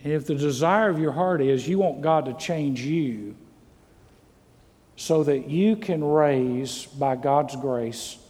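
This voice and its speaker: A middle-aged pastor preaches to his congregation with earnest, repeated rhetorical questions. His voice sits a little high for a man. The church hall rings with a long reverb. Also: slow, darkish tone, slightly rough. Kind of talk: sermon. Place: church sanctuary. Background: congregation calls amen.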